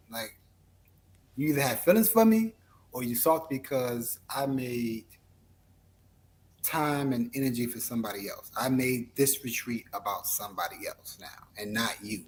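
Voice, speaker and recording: A man's voice: medium pitch, moderate pace. A man as an interview guest, telling a story in a laid-back, rambling way full of fillers. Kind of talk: casual storytelling.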